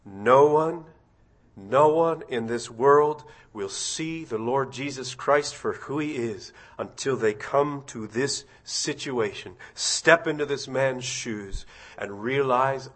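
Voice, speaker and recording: A man preaching a sermon, asking his congregation direct questions and swelling into loud, impassioned passages. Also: slow. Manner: rising to loud, high-pitched impassioned preaching.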